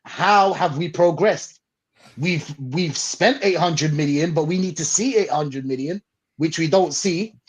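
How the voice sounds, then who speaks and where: Guy hosting a fan stream, slangy and laughing a lot, a bit high voice. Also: unhurried, husky. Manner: excitable, laughs often, slangy. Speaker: podcast host reading chat comments. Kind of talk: casual fan chat.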